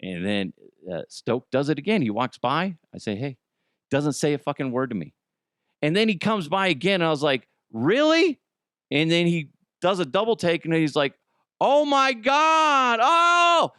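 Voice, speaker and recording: Man, podcast host, cajun accent, comedic rant, very expressive pitch, dry close sound. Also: a little fast, smooth, no room sound. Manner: animated, swings between loud outbursts and mumbled asides. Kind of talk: casual comedic monologue.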